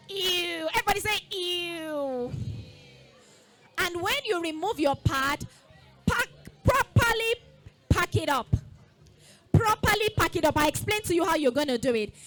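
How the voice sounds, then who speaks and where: A woman giving a lively call-and-response talk to a group of girls, coaxing them to repeat after her. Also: very high voice. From Nigeria. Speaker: school founder speaking to girls. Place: festival event space.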